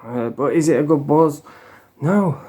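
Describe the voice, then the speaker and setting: A man's voice: on the high side, a little slow, dark tone, husky. Blunt, swearing man. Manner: frank, swears a lot, plain-spoken. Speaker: former addict telling his story. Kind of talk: casual monologue to camera.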